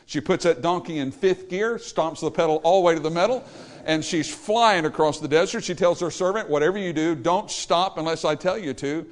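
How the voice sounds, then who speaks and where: Male preacher, slightly high voice, folksy storytelling sermon delivery. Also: brisk. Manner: retells scripture in plain folksy terms, reads verses in King James wording.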